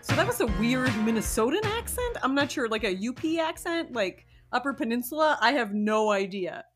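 A woman's voice: a little high, very animated, normal speed, over music. A woman co-hosting a podcast in casual chat, chatty and playful, laughing often. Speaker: podcast co-host.

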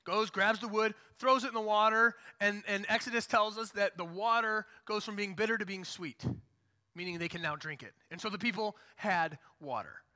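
A man preaching a sermon in a casual, animated storytelling manner. His voice is high and very bright. A long hall reverb trails each phrase. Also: normal speed. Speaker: pastor.

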